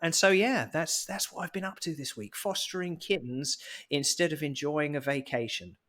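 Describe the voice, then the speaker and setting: A man's voice: fairly high pitch, moderate pace, fairly bright tone. A man co-hosting a podcast, telling a story in a chatty, jokey way. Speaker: podcast co-host. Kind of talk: casual podcast chat.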